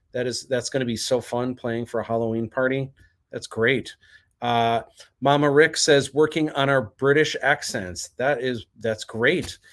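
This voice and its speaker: Guy doing a chill livestream, reads out comments and chats back, middle pitch voice. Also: fairly bright tone. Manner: reads viewer comments aloud and answers chattily. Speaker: livestream host. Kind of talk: casual livestream chat.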